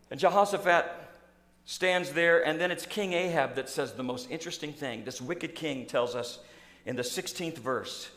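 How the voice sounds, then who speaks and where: A man preaching a sermon in a church, telling a story in an animated, acting-out way. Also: on the high side, normal speed. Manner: storytelling, animated, acts out scenes. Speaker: pastor. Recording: echoey church hall.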